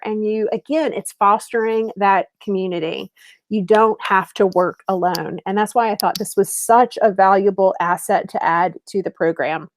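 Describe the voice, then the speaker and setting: A middle-aged woman coaching online business owners, pitching her program in a lively, chatty way. She talks straight to her viewers as if they were friends, at a middle pitch. Her webinar delivery is upbeat and direct.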